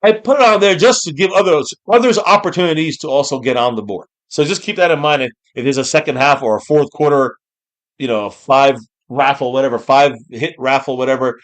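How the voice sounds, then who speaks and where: A man hosting a live football watch-party stream, reacting to plays with excitement and frequent swearing. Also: medium pitch, fairly quick. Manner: excitable, swears freely, shouts on big plays.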